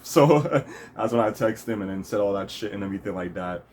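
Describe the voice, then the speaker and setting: A man's voice: on the low side, animated, fast talker, darkish tone, slight background noise. A man hosting his own vlog, telling a story in a rambling casual way with lots of fillers and restarts. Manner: rambling, many fillers and restarts, laughs often. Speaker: vlog host.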